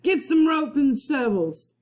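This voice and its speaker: A woman doing a shouting pirate captain. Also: fairly high pitch, animated, unhurried, pitched above the performer's own voice. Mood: gruff. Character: gruff one-eyed male pirate captain, bullying.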